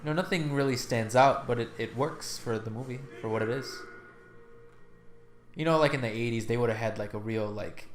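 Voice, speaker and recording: A man's voice: medium pitch, normal speed. A man co-hosting a movie commentary podcast, talking in a casual, musing way with stumbling restarts. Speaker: podcast co-host. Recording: roomy room sound, faint noise.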